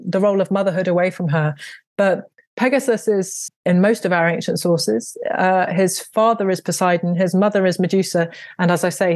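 A woman author and audiobook narrator talking in an interview, animated and quick to laugh, often making fun of herself. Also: lowish voice, dry recording. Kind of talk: conversational interview.

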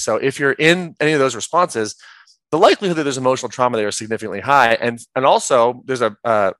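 A man's voice: mid-range voice, fairly bright tone, dry recording. A man talking earnestly as a podcast guest, explaining his field with many "like"s and "right?"s. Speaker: guest, trauma practitioner.

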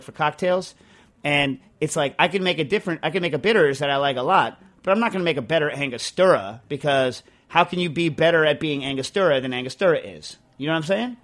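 A man's voice: fairly high pitch, a bit bright. A man hosting a podcast in casual chat, rambling and emphatic, full of restarts as he answers listener mail. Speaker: podcast host.

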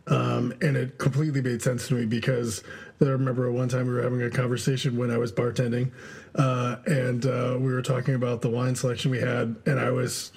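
A man's voice: mid-range voice, little pitch movement, fairly quick, vocal fry, a little mellow, husky. A man co-hosting a podcast in laid-back casual chat, with lots of fillers and frequent laughter. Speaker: podcast co-host.

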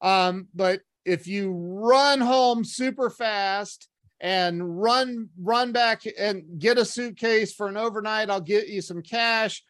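A man telling a personal story in a casual, animated way, acting out the voices of the people in it. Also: sits high, takes it slowly, dry recording, clean studio sound. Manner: animated, acts out quoted voices, many restarts.

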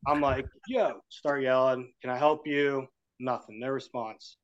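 A man with a voice of middle pitch tells a story as a podcast guest. He speaks casually and acts out the voices of the people in it. The sound is a bit dull and lo-fi. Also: fairly even intonation, measured pace.

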